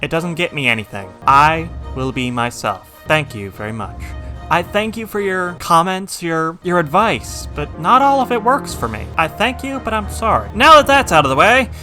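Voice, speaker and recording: A man narrates his strategy game in a casual, dry way and talks to his little soldiers by name. His voice is bright and moves over a wide pitch range, jumping to loud excitement when a fight turns. Faint music plays under him. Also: normal speed. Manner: dry, self-described reserved, bursts into excited yelling at battles. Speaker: gameplay commentator. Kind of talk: casual gameplay commentary.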